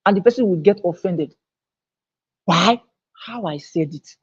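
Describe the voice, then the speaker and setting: Husky man teaching live. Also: high-pitched, animated, a little slow, dull audio. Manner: emphatic, repeats key phrases. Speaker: online teacher. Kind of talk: live online lecture. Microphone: own microphone, recorded on camera.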